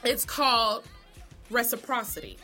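High, bright, profane woman. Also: a little slow, faint music behind. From Savannah, Georgia. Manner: profane, animated, acts out characters. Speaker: TV recap vlogger. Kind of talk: casual TV show recap.

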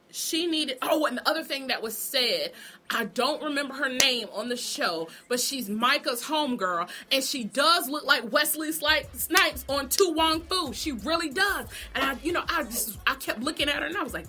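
A woman with a high, bright voice delivers a profane vlog rant about a reality show. She swings between mocking disbelief and real outrage. Faint music plays behind her. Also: animated, normal speed. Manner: heated, profane, swinging between mock shock and indignation. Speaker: vlogger.

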